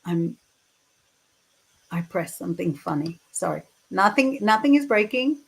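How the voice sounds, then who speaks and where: Woman in her fifties from the UK, tarot reader on a live stream, unhurried, reads chat messages aloud. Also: mid-range voice, lively intonation, gravelly, breathy edge, low-quality recording. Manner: reads viewer comments aloud, chatty and warm-hearted. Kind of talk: casual livestream chat.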